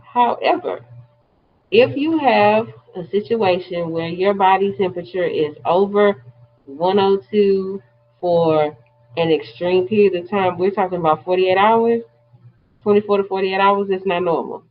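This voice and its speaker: A woman's voice: mid-range voice, a little slow, muffled recording. A woman teaching a class, explaining terms step by step in a plain-spoken way. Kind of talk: classroom lecture.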